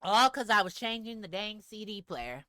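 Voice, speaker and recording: A woman streamer telling a story to her live chat in a casual, animated way, laughing often. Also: mid-range voice, moderate pace, no room sound, studio quality.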